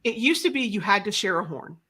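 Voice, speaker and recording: Bright-voiced woman chatting freely. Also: mid-range voice, expressive, fairly quick. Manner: rambling, self-deprecating, frequent restarts. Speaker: interview guest. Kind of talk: casual conversation.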